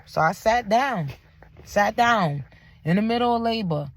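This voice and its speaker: A woman's voice: a little high, unhurried. A young woman, casually telling a personal story and acting out the voices of others. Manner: animated, acts out quoted voices, drops to near-whisper at tense moments. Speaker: vlogger telling her birth story.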